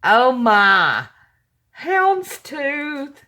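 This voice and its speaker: Opening a gift package at home at night, a vlogger with a high-pitched voice speaks very slowly. She gushes and gets excitable, gasping and exclaiming while she addresses viewers as "y'all" in casual unboxing chat.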